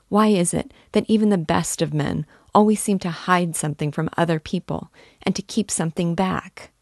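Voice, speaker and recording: A woman reading the lines of a timid, earnest young girl who speaks softly and hesitantly. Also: on the low side, vocal fry, no room sound, studio quality. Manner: soft, hesitant, heartfelt.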